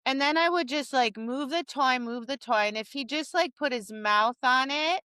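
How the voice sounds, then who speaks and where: A woman's voice: high voice, normal speed, bright, forceful tone, smooth, no echo. A woman co-hosting a podcast about dog training, talking casually and acting out cheery voices and dog reactions. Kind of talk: casual chat.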